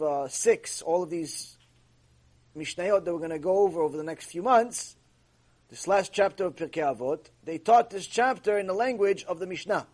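A man gives a religious lecture in a raspy, higher-pitched voice. He drives his points home by repeating key phrases. His delivery is emphatic and instructive. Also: a little mellow. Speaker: rabbi teaching a Torah class.

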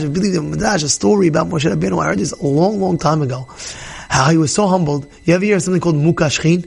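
A man teaching a Torah class, animated, acting out characters and questioning his listeners. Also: a little high, vocal fry, breathy edge. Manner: animated, acts out characters, asks the audience questions. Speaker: rabbi.

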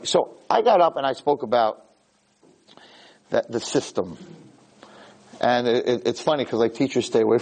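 A middle-aged man teaching a Torah class, an animated storyteller whose voice leaps high when acting out the quotes, talking quickly and often repeating and restarting words. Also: breathy edge, poor audio. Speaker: rabbi lecturer. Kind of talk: Torah class to a live room.

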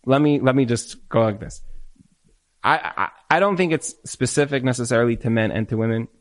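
A man answering marriage questions in a live Q&A, animated, full of restarts, acting out spouses' complaints. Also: medium pitch, fairly quick. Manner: animated, repetitive restarts, acts out quoted spouses. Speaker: relationship speaker. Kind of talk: Q&A talk to a live group.

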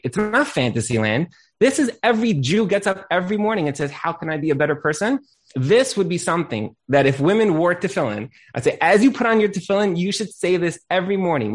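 A fairly high-voiced man telling stories and handing out advice in a relaxed talk. He acts out the lines of the people he quotes and drops short Hebrew blessings into his speech. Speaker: rabbi and accountant, giving advice. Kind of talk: casual conversation, giving advice.

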